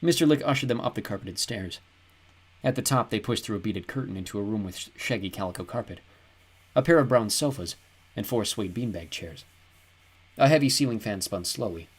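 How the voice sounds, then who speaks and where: A man reading a novel aloud as an audiobook narrator, in an even, descriptive storytelling manner. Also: fairly low pitch, a little fast, slightly rough. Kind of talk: scripted narration.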